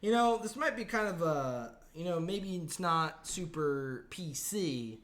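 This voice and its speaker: Male podcast co-host, bright and somewhat high, rambling comic chat with frequent laughs. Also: animated, measured pace. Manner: rambling, laughs often, mimics accents. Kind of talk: casual comedic chat.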